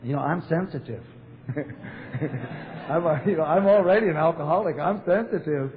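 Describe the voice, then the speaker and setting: An older man from Portland, Oregon, USA, speaks as an AA speaker, giving a blunt, wry recovery talk to a convention audience in a large hall. He tells stories with wry humor and fillers, his voice on the high side at a moderate pace. The audio is echoey and phone-like in its narrow sound, with faint hiss.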